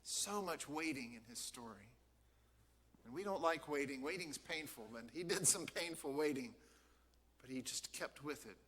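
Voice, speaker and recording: A man preaching a sermon as a pastor in a church, telling a Bible story in a lively way and acting out the characters. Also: a little high, moderate pace, husky.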